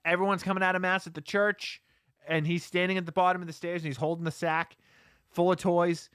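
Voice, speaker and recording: A man co-hosting a podcast, casually recapping a movie plot in a rambling, animated way with lots of "like" and restarts. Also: sits high, a little fast, clean tone, no echo, studio quality. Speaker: podcast co-host.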